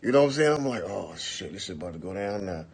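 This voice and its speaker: A man in his forties telling a long, profane story on a livestream, acting out the quotes in bursts of loud, animated talk. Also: low voice, quick pace, vocal fry, breathy edge. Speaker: livestream host. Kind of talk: casual storytelling.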